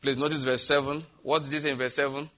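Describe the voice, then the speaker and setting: A man's voice: medium pitch, flat delivery, fast, bright, forceful tone, a little hiss or hum. A man preaching a sermon, reading scripture aloud and asking the congregation questions.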